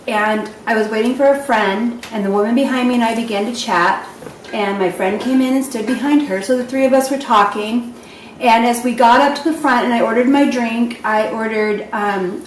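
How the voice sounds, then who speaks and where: Animated woman telling a story, echoey room. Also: on the high side. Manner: animated storyteller who acts out dialogue. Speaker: party host. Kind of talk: casual group chat, storytelling. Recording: echoey room, distant mic, faint noise.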